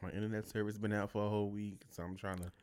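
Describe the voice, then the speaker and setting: A man co-hosting a podcast in casual chat, animated and teasing, laughing often. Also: fairly low pitch, very fast, noisy background. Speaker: podcast co-host.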